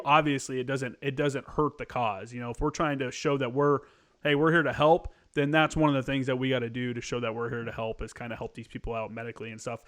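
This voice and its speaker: A man's voice: medium pitch, fairly bright tone. A man hosting a podcast, talking casually and loosely with many fillers. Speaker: podcast host. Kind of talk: casual conversation.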